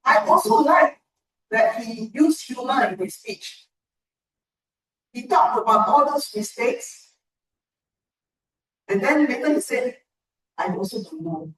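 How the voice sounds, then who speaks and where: A woman giving a measured, encouraging speech evaluation at a club meeting. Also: high-pitched, fairly bright tone. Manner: measured, encouraging feedback with pauses. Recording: echoey room from far off.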